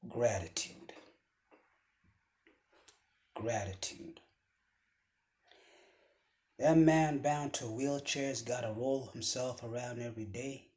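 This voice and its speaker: A man giving a motivational speech with a preaching cadence, often dropping his voice to a hushed whisper for emphasis. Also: medium pitch, fairly even intonation, normal speed, few pauses. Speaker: motivational speaker.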